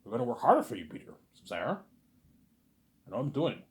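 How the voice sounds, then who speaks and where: A man rambling in a casual monologue, animated and repetitive, arguing with an imagined listener. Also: mid-range voice, a little fast. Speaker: vlogger.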